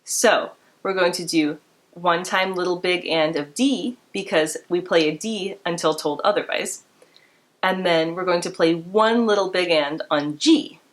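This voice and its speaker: A woman's voice: fairly low pitch, a little slow. A woman teaching a beginner string class, explaining bowing and counting students in with encouragement. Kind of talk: instrument lesson. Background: instrument playing.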